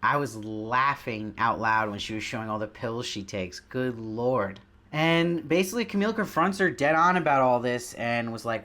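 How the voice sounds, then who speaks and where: A man's voice: medium pitch, expressive, normal speed, sharp tone. A man hosting his own show, giving a casual, enthusiastic spoken review of a TV episode and putting questions to his audience.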